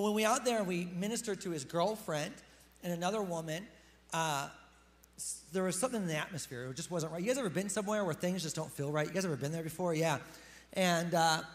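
Youngish-sounding dude pastor, high voice, chatty sermon to the crowd, echoey church hall. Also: male voice. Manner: casual, chatty, addressing the congregation directly. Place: church hall with a live congregation.

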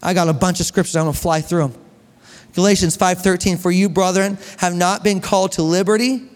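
Man, pastor, animated sermon, high voice, long hall reverb. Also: a little fast. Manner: animated preaching, reading scripture aloud. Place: church hall.

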